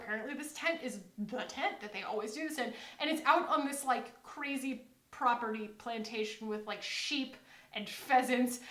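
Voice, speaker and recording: A young adult woman from the United States chatting casually to camera as a vlogger, rambling and quoting people in animated asides. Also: high voice, echoey room. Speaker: beauty vlogger.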